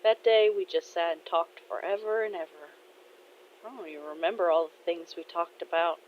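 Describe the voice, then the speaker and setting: A woman voicing a gentle, goofy middle-aged father who speaks softly and reflectively. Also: lowish voice, moderate pace, natural voice. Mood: wistful. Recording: dull lo-fi audio with faint noise.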